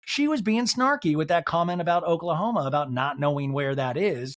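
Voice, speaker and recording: Guy doing a solo podcast recap, fairly high voice, talky and animated, does little impressions of people. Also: fairly quick. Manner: chatty, animated, swears, mimics people in quotes. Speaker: podcast host.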